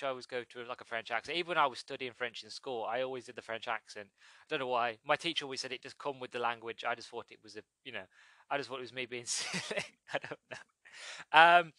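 Bright-voiced British man rambling on a podcast. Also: medium pitch, no echo. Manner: rambling, self-correcting, chuckles at himself. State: recovering from a cold. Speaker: podcast host. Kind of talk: casual solo podcast chat.

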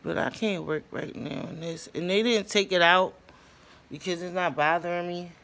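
A vlogger in her twenties talks casually to the camera, calling her viewers "y'all" as she tells her story in animated, chatty bursts. Her fairly low voice is punctuated by frequent fillers and trailing pauses.

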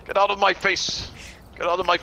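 A man putting on a gravelly, high-pitched crude old grandpa. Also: brisk, a little hiss or hum, full character voice, poor audio. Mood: bickering. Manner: bickering, deadpan mock-serious. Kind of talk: in-character game role-play.

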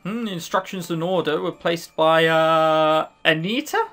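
A man's voice: on the high side, unhurried, a bit bright, faint music behind. A man voicing a young female delivery girl who speaks formally and stiffly, reading her lines from a visual novel.

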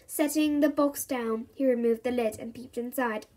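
A woman reading a children's chapter book aloud with expressive, playful narration. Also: a little high, normal speed. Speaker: reader.

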